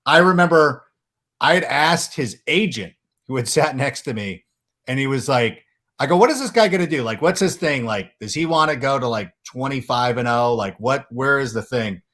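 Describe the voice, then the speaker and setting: A man's voice: medium pitch, animated, moderate pace, fairly bright tone. A man hosting a podcast in casual chat, telling stories animatedly and acting out quotes in raised voices. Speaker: podcast host.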